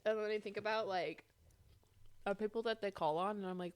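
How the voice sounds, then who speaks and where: A woman's voice: medium pitch, fairly even intonation, a little fast. A young woman co-hosting an unedited podcast, talking loosely and laughing as she eats. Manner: loose, rambling, laughs often. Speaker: podcast co-host. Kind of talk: unedited casual chat.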